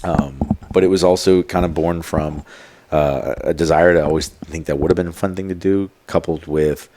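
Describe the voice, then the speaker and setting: A man's voice: low-pitched, steady tone, normal speed, noisy background. A man telling stories as a podcast guest, in a rambling casual way full of fillers and quoted asides. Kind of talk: casual storytelling.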